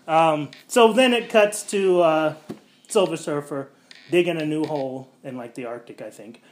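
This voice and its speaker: Rambling male podcast host recapping plots. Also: on the high side. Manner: rambling plot recap full of fillers like um and like; acts out quotes in quick character voices. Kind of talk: casual podcast chat.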